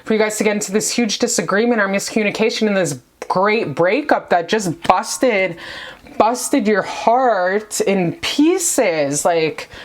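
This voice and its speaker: A woman's voice: medium pitch, expressive, a little slow. A woman giving a casual tarot reading to the camera, rambling and gushing, calling the viewer baby. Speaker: tarot reader. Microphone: camera mic.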